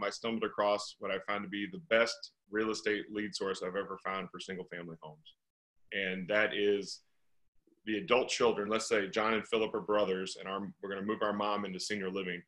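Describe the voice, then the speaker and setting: A middle-aged real estate investor from St. Louis is interviewed in a conversational setting, speaking earnestly and stacking up rhetorical questions. His voice is on the low side with a sharp tone, and the recording is rough.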